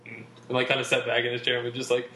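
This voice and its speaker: A man co-hosting a sports podcast, arguing in quick, pushy, interrupting casual chat. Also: mid-range voice, completely flat delivery, sharp tone. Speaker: podcast co-host. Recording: echoey room with faint background noise.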